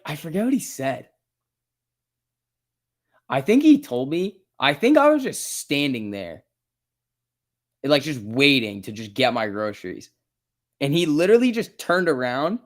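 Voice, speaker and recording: A man hosting a casual stock market livestream, chatting and laughing often as he reads chat and tells stories. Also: on the high side. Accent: New Jersey.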